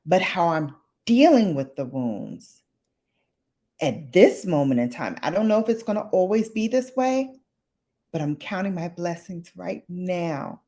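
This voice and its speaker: A woman's voice: fairly low pitch, dark tone. A middle-aged woman hosting a late-night livestream chat, speaking emotionally and close to tears, repeating phrases for emphasis. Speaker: livestream host.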